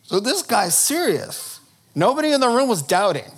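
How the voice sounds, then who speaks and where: A man preaching a sermon, telling the story in an animated, humorous way. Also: very high voice, moderate pace, slightly rough.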